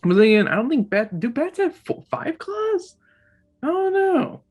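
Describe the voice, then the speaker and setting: Animated man rambling through a review. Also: very high voice, a little slow. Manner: rambling, frequent restarts, casual swearing. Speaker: book club host ranking covers. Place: home in an apartment.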